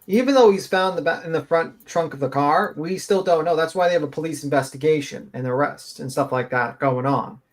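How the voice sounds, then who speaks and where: A man's voice: a little high, fairly quick, hardly any pauses. A man giving blunt, profane, rambling commentary as a guest on a live-stream panel.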